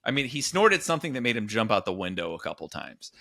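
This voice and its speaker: A man in his forties co-hosting a comedy podcast, telling stories in an animated way. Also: fairly low pitch, fast talker, vocal fry, dry recording, studio quality. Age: 40s. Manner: animated storyteller, jumps into voices. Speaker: podcast co-host. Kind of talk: casual comedy chat.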